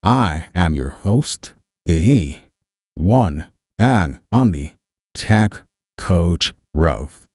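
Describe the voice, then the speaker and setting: A male host speaking slowly through a deepening voice filter that makes him very low. His delivery is motivational and emphatic, with a husky edge. The sound is dry and close. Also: expressive, darkish tone, no echo. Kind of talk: casual livestream tutorial intro.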